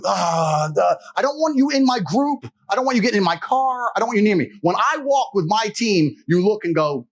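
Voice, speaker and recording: Cocky guy on a podcast swearing and bragging, kinda high voice, laughs a lot. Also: expressive, a little fast, hardly any pauses. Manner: brash, profane, boastful, laughing often. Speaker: podcast guest. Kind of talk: casual storytelling chat.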